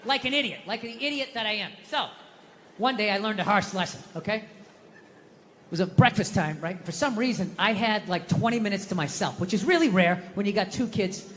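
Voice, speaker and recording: Brief: middle-aged male stand-up, bright forceful delivery, profane self-deprecating rants, live room with long reverb. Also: sits high, moderate pace, a little hiss or hum. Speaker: stand-up comedian. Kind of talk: stand-up comedy routine. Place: comedy stage before a live audience.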